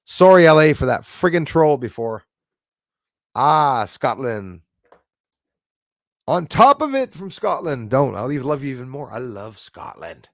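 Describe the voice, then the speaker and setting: Animated man signing off a stream. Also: medium pitch, measured pace, long pauses, dry recording, studio quality. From Montreal, Canada. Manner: animated, switches between French and English, thanks viewers by name. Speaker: live-stream host. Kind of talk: casual live-stream sign-off chat.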